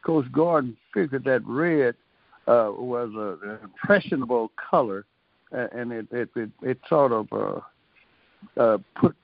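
A man's voice: medium pitch, lively intonation, a little slow, vocal fry, no room sound. Dull-sounding man groping for words. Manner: groping for words, lots of uh and restarts. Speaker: interviewee. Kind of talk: reflective interview recollection.

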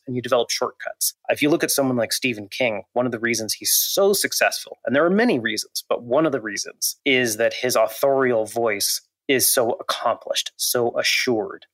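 A man in his thirties, an author talking reflectively in an interview, measured and thoughtful with frequent restarts. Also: medium pitch, fairly bright tone, dry recording. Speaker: fantasy author, guest.

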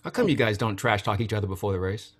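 A man hosting a casual horse racing podcast, relaxed and appreciative, laughing easily. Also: fairly low pitch, quick pace, breathy edge. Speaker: podcast host.

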